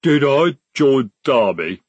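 A man voicing a huge, slow-witted male troll soldier with a slow rumbling growl. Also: big pitch swings, slightly rough, dry recording, lo-fi sound, exaggerated voice.

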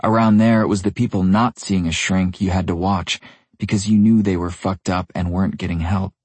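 A man's voice: low-pitched, fairly even intonation, moderate pace, darkish tone, husky, no echo. A man narrating an audiobook voices a breezy, teasing young woman who speaks in a light, casually airy way.

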